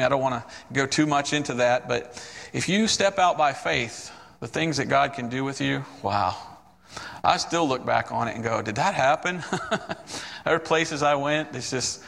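Gravelly-voiced man preaching in a hall. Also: medium pitch. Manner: storytelling, animated quoted voices. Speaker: missionary preacher. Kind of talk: sermon testimony.

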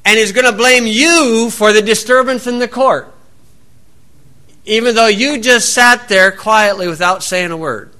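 A man's voice: sits high, unhurried, sharp tone. A man preaching a sermon, reading scripture aloud and breaking in with folksy, sarcastic asides. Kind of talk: sermon, Bible reading with commentary.

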